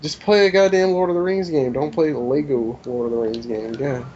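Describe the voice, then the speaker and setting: Man, podcast co-host; mellow dark voice; sarcastic, grumpy; lo-fi with faint hiss. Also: on the high side, fairly even intonation, normal speed. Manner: grumbling, sarcastic, swears. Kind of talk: casual gaming podcast chat. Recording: dull lo-fi audio with faint hiss.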